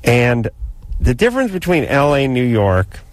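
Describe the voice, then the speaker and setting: A man's voice: mid-range voice, huge pitch swings, moderate pace, dry recording. A man co-hosting a late-night call-in radio show, chatting casually and telling rambling, sardonic stories.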